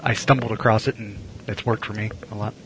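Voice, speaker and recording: A man's voice: lowish voice, fairly even intonation, brisk, vocal fry, background noise. A man co-hosting a casual podcast, teasing his friend in a dry, wry way and often restarting his sentences. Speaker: podcast co-host. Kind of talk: casual chat.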